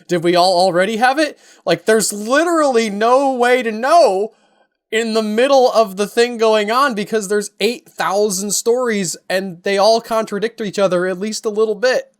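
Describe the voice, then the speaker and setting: A man co-hosting a casual podcast, tossing in joking, sarcastic asides. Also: high-pitched. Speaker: podcast co-host.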